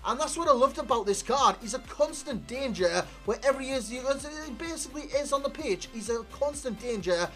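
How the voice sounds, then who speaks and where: A man's voice: extremely high pitch, a little fast, hardly any pauses, soft background music. Chatty man reviewing a game. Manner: chatty, animated, addresses viewers as lads. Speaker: gaming YouTuber. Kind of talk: video game player review commentary.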